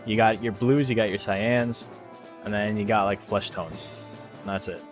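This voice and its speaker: A man's voice: on the low side, fairly even intonation, normal speed. A man hosting a live stream of a game tournament. He rambles casually, jokes and swears freely between calls of the action. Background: faint background music.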